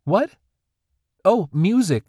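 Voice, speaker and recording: A man doing a high, eager young sprite girl. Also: lively intonation, slow, a little mellow, husky, dry recording, studio quality, exaggerated voice. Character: young sprite girl, earnest, playful, mischievous.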